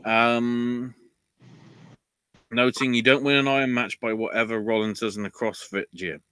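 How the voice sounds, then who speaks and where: A man's voice: medium pitch, steady tone, a little slow, sharp tone, clear, resonant tone, no room sound. A man hosting a podcast, recapping casually, ranting and swearing, his voice jumping up when riled. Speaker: podcast host.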